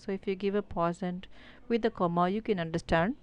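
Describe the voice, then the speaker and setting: A woman's voice: mid-range voice, fast talker, a little hiss or hum. A woman with an Indian English accent teaching an online grammar lesson, explaining step by step with many fillers like "so" and "uh".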